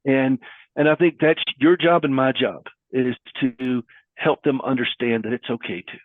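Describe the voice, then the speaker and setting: A man's voice: medium pitch, fairly even intonation, normal speed, no echo. A middle-aged man speaking earnestly and preacherly in a conversational interview, with folksy metaphors. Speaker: guest caregiver advocate. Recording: husky voice over a thin phone-like line.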